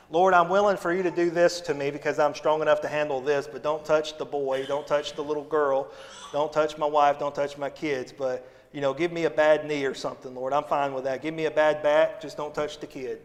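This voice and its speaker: Male associate pastor, folksy humorous sermon, slightly high voice, long echo of a church hall. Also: flat delivery, normal speed. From Missouri, USA. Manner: folksy and humorous, shifting between loud emphasis and quiet asides. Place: church sanctuary.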